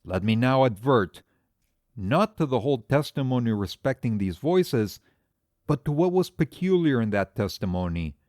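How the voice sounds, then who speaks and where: A man reading the part of a calm, methodical amateur detective, laying out his reasoning in a measured lecture. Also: mid-range voice, dry recording, clean studio sound, natural voice. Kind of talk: audiobook character reading.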